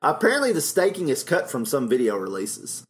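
A man's voice: medium pitch, wildly swooping pitch, brisk. A middle-aged man co-hosting a podcast, chatting casually and recapping film plots with frequent laughs. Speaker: podcast co-host.

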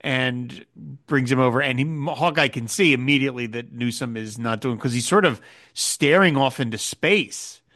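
A man's voice: medium pitch, normal speed, no room sound, clean studio sound. A man co-hosting a podcast, casually recapping a TV episode and acting out quoted lines as he goes. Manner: animated retelling, quotes scenes in character. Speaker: podcast co-host.

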